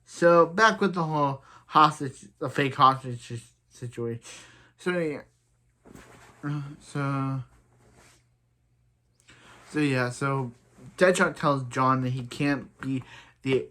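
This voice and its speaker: A man's voice: medium pitch, a little slow, long pauses, bright, forceful tone. A young man casually reviewing a TV episode, rambling with lots of filler words and sounding exasperated at the characters.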